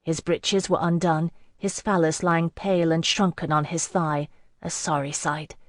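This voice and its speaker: A woman narrates a fantasy novel in the first person, measured and even. Her voice sits on the low side for a woman. The sound is dry and close, as from a booth mic. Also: no echo. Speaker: audiobook narrator. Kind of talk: scripted narration.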